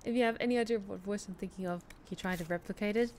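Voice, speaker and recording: A woman's voice: medium pitch, racing, a little mellow, a little hiss or hum. Chatty woman streamer. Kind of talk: casual chat, reading viewer messages.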